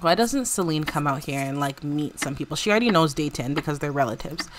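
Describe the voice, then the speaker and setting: A woman's voice: low voice, expressive, quick pace, slight background noise. A young woman giving chatty, casual commentary while she plays a life-sim game, talking in a bubbly, filler-heavy way. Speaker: let's play creator.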